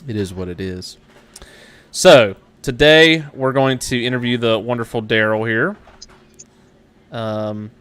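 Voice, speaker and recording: A man's voice: medium pitch, a bit bright. A man hosting a live web show, casual and self-mocking, laughing often. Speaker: webshow host. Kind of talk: casual live-stream interview.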